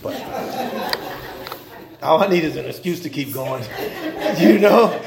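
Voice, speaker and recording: Male pastor, high gravelly voice, loose slangy sermon in an echoey church. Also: animated, slow pace, a crowd in the background. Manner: informal preaching with slang and humor, rising and dropping in intensity.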